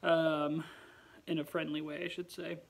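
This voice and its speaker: Late at night at home, a weary young man records a casual vlog in a fairly high, creaky voice at a measured pace. His talk is chatty and expressive, broken by yawns and many sighs.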